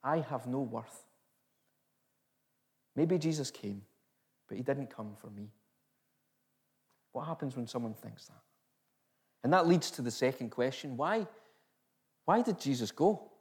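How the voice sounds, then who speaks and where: A man's voice: mid-range voice, expressive, unhurried, long pauses. Man preaching with rhetorical questions. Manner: questioning, emphatic, rhetorical repetition. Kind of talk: sermon.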